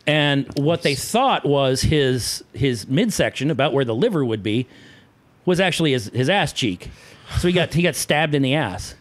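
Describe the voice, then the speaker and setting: A man spinning a funny work story in relaxed conversation, with a lively voice that jumps up and down as he acts out the people in it. He laughs often and slips into little character voices, all in an unhurried, middle-pitched tone. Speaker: guest, former theme park costume performer. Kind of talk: casual storytelling chat.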